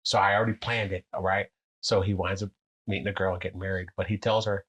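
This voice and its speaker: A low, husky male voice tells stories in a loose, casual chat. He swears freely and jumps into character for quoted lines. The delivery is animated and conversational. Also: fast, muffled recording. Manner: animated, profane, acts out quotes with big pitch jumps.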